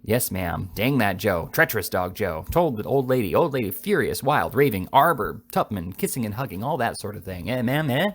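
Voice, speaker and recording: A man's voice: lowish voice, sing-song, moderate pace, hardly any pauses, breathy edge, full character voice. A man reading aloud, voicing a glib scheming man who talks in clipped, jerky phrases.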